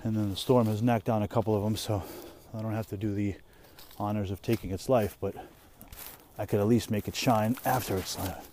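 Young dad rambling and swearing in the woods, mellow low-key voice, keeps trailing off. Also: male voice, fairly even intonation, brisk, slight background noise. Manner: rambling, profane, trailing off and restarting. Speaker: vlogger and parent. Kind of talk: casual monologue while walking outdoors. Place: woods outdoors.

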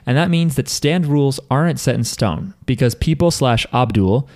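A man's voice: medium pitch, animated, normal speed, a little mellow. Laid-back male podcast host. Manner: laid-back, rambling, reads listener emails aloud. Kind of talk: casual chat.

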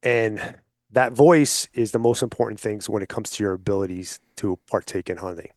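A man speaking as a podcast guest, persuasive and explanatory, often checking in with listeners with a quick "okay?". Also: lowish voice, a little mellow, no room sound, clean studio sound. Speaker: hunting advocate guest. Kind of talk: casual podcast conversation.

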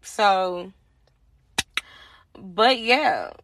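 A young woman hosting a podcast, telling a personal story in casual, profane, animated talk and acting out the other people's lines. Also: mid-range voice, very slow, slight background noise. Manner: animated, profane, acts out quoted voices. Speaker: podcast host.

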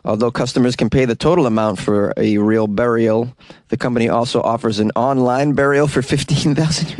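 A man hosting a comedic news commentary, reacting sarcastically to stories and tossing in jokes and quick asides. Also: medium pitch, no room sound. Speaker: host.

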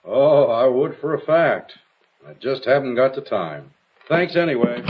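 An actor playing a friendly, polite police officer with an easygoing, courteous manner. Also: male voice, medium pitch, sing-song, measured pace, muffled recording, slight background noise. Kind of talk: vintage broadcast drama acting.

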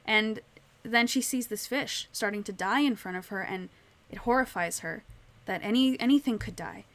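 A woman's voice: medium pitch, moderate pace. A woman in a casual book discussion, retelling scenes with lots of "like" and "you know.". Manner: animated storyteller, retelling scenes with many "like"s.

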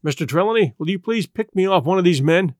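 A man's voice: sits high, animated, fast, no echo, clean studio sound. A man voicing a stern middle-aged ship's captain who gives clipped, commanding orders in an audiobook. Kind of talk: audiobook character voice.

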